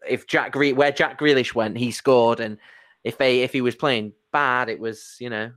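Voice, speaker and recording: A man hosting a casual football podcast, chatty and excitable, rambling with restarts. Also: medium pitch, moderate pace, no room sound. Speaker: podcast host.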